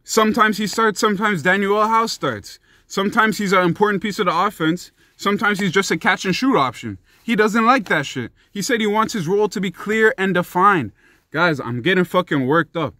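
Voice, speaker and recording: A man's voice: high-pitched, a little fast, sharp tone, no echo, studio quality. Fired-up young man ranting about sports. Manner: profane, heated and emphatic. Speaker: sports commentary vlogger.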